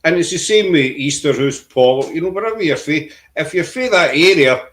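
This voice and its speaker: Chatty Glaswegian man telling stories. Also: brisk. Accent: Glaswegian Scottish. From Glasgow, Scotland. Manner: rambling storyteller, lively swings in pitch. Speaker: podcast guest. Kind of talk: casual chat.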